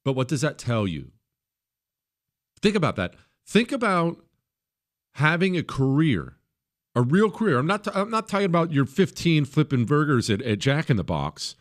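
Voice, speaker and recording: Middle-aged guy hosting talk radio, emphatic monologue, does high mocking voices when he quotes people. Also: sing-song, normal speed. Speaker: radio talk show host.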